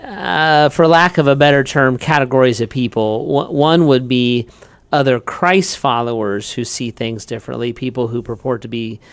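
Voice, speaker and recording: Measured man with a smooth, dry voice. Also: mid-range voice, dry recording. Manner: thoughtful, measured, with fillers. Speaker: pastor and co-host. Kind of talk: casual faith podcast chat.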